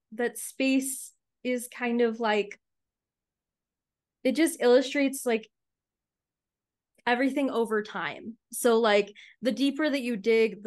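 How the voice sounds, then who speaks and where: A woman author speaking about her book over a video call, thoughtful and heartfelt, with many fillers. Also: fairly high pitch. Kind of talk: virtual book launch conversation.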